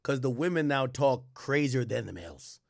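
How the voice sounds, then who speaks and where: A man hosting a livestream, giving blunt, animated commentary and swearing freely. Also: mid-range voice, normal speed, gravelly, heavy background noise. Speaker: streamer host.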